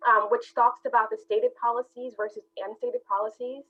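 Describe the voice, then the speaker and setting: A woman's voice: on the high side, little pitch movement, normal speed. A woman from New Jersey, an academic librarian presenting a webinar in a chatty, self-deprecating way. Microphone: video call. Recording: tinny phone-like video call audio.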